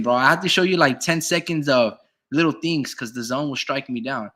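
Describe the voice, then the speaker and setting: Male streamer, crisp bright tone, profane and combative, answers chat comments out loud. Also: medium pitch, fairly quick. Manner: heated, profane, argues with chat; reads chat comments aloud and answers them. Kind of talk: casual live-stream commentary.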